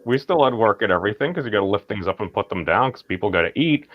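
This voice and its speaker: A man's voice: on the low side, expressive, quick pace, dry recording, dull audio. A man from Massachusetts, chatting casually on a group stream, rambling with many fillers and restarts.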